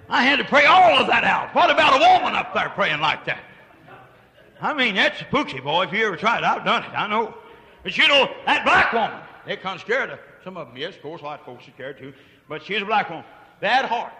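An older preacher delivers a folksy sermon, his voice high and piercingly bright. He swings from hollered shouts down to hushed murmurs. The sound rings with the long reverb of a church hall. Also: big pitch swings, brisk.

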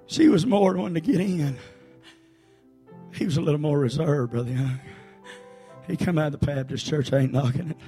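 A man preaching a sermon as pastor, swinging between shouted refrains and quieter storytelling. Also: a little high, normal speed, long pauses, faint music behind. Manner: shouting, chanting preacher with sudden hushed storytelling.

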